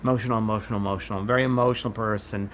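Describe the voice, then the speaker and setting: A man working as a psychic medium, giving a live workshop demonstration in a halting, repetitive way as he names each impression he gets. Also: lowish voice, fairly even intonation, slight background noise. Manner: halting, repeats "I feel" while reading impressions. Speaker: psychic medium teaching a class.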